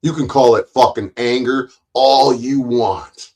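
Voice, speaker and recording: A man's voice: medium pitch, lively intonation, slow, a little mellow, low-quality recording. A man hosting a livestream, ranting at his chat in a profane, taunting, confrontational way. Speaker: livestream host.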